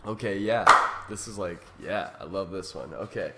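Low-voiced man, casual chat, lots of ums and restarts, laughs easily. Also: normal speed, heavy background noise. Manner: rambling, hesitant, full of ums, bursts of laughter. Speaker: improv performer.

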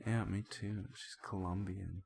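A man in casual podcast chat, dry and deadpan with his jokes. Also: sits low, measured pace, creaky, slight background noise.

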